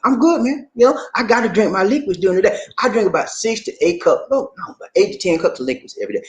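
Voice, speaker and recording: A man hosting his own show, talking casually and playfully to his viewers, repeating and rhyming his phrases and asking them to answer back. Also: on the high side. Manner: animated, playful, call-and-response with viewers. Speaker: show host. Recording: echoey room.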